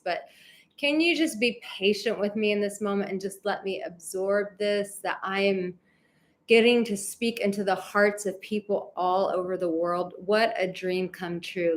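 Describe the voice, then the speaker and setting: Dating coach, woman, 30s, live chat with viewers, gushing and heartfelt, average pitch. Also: a little slow, fairly bright tone. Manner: effusive, emotional, gushing with gratitude. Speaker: dating and relationship coach hosting a livestream.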